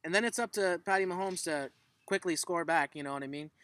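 Male co-host, bright, slightly higher voice, profane, emphatic storyteller, dry close sound. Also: a little fast, no echo, poor audio. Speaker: podcast co-host. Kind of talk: casual sports chat.

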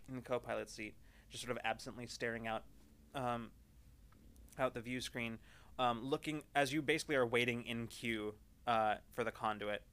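A man narrating a tabletop game as game master in a relaxed, descriptive way. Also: mid-range voice, clear, resonant tone.

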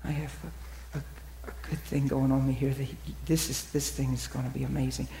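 A man telling ministry stories in a sermon, acting out the people he quotes and dropping to a soft near-whisper at tender moments. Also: medium pitch, completely flat delivery, brisk, creaky, roomy sound, a little hiss or hum. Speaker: preacher. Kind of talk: storytelling sermon.

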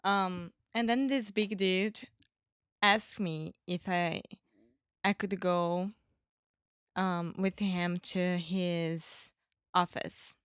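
A Brazilian woman, a native Portuguese speaker, telling a story in English with hesitant pauses and self-corrections. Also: on the low side, steady tone, smooth, no room sound, clean studio sound. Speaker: guest and English learner. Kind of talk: casual storytelling.

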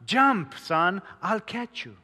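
A preacher acting out a loving father calling up to his son. He calls out urgently, in a bright voice. A long hall reverb follows every word. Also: high-pitched, very animated, slow pace, voice pushed up, heavily acted.

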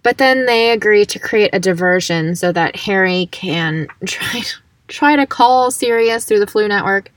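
A woman's voice: medium pitch, lively intonation, a little slow, no echo, recorded from a distance. A woman co-hosting a casual book podcast, chatting loosely, swearing freely and laughing often. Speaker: podcast co-host. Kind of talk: casual chat and reading aloud from a book.

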